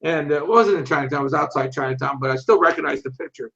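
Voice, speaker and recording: A man's voice: fairly high pitch, quick pace, creaky, a bit bright. A man in his sixties, an interview guest and martial arts instructor, telling stories bluntly with a lot of profanity. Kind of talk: storytelling in an interview. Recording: dull lo-fi audio.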